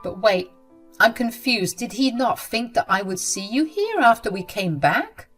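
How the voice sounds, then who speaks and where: A woman's voice: a little high, sing-song, unhurried, a bit bright, breathy edge, faint music behind, heavily acted. A woman voicing a protective young bride who speaks emphatically and with outrage. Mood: indignant.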